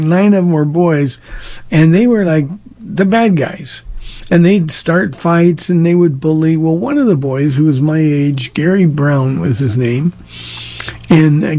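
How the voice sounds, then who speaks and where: A man's voice: on the high side, dark tone. A man from Southern California, a pastor answering listener questions in a plain-spoken, direct way and telling stories from his life. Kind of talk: casual call-in advice talk.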